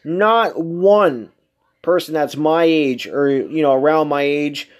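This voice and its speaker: A man's voice: on the high side, slow. A man hosting a casual solo podcast monologue, talking emphatically and incredulously, with heavy swearing. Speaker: podcast host.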